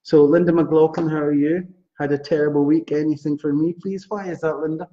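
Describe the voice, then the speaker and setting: A Scottish man hosting a live psychic reading stream, chatty and animated, reading out viewers' names. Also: a little high, a little fast. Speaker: psychic astrologer host. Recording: dull lo-fi livestream audio.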